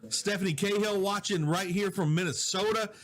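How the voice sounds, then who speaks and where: A man with a somewhat high voice hosts a live stream from his home office. He chats easily, greets viewers and reads their comments aloud. His mic is quiet and a little weak. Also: moderate pace. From Southwest Louisiana. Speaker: digital host. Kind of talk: casual live-stream chat. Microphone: low-volume mic with problems.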